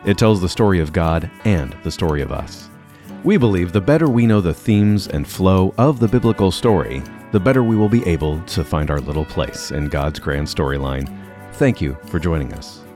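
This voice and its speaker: A male announcer reading a scripted intro to a church message, in a steady, measured way. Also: low-pitched. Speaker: show announcer. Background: soft music.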